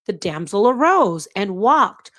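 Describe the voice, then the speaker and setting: A woman's voice: mid-range voice, slow. Blunt, sassy woman host. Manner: blunt, sassy, animated, jumps to loud outbursts. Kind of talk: livestream commentary reading chat.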